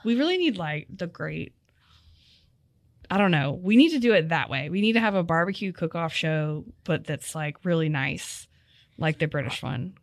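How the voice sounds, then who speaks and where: Woman host, lower register, chatty and animated, dry studio mic. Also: normal speed, creaky, no room sound. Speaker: podcast host. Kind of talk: casual chat.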